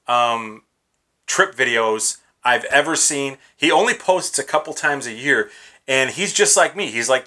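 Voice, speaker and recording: A man in his thirties chats through viewer questions from a small home studio, upbeat and easygoing. His voice is bright and forward at a middling pitch. He leans on casual fillers as he rambles. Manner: upbeat, chatty, filler words like "kinda" and "uh". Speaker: YouTube channel host. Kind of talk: casual Q&A vlog. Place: small home studio with gear bins behind.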